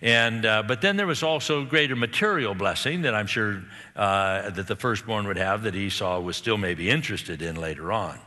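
Man preacher, animated sermon storyteller, bright forceful tone, long hall reverb. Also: on the low side, normal speed, few pauses. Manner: animated, acts out the characters' lines.

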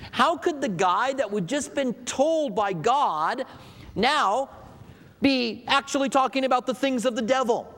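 A man's voice: extremely high pitch, animated, measured pace, a bit bright. A man preaching a sermon to his congregation in a conversational style, asking rhetorical questions. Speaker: pastor. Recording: long hall reverb.

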